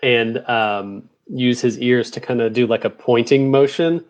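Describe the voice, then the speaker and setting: A man playing a tabletop game, talking casually and excitably. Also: mid-range voice, unhurried. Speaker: player.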